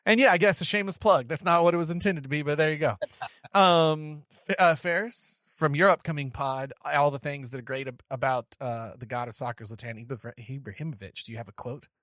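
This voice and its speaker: A man's voice: fairly high pitch, a little fast, a bit bright, no echo, studio quality. A man hosting a casual podcast chat, telling stories animatedly and repeating words as he thinks. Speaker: podcast host.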